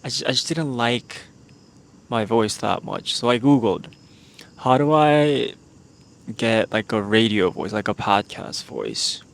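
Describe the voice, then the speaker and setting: Man, podcast host, unhurried delivery, gravelly fry, casual rambling, handheld mic outdoors. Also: lowish voice. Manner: relaxed, meandering, with many "like" fillers. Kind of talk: casual solo podcast talk. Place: outdoors in a remote spot. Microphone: handheld microphone.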